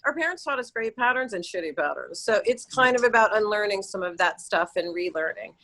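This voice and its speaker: A woman in her fifties with a New York accent, a tired actress chatting as a guest, animated and jumping between thoughts. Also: mid-range voice, fairly quick. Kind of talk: casual interview chat.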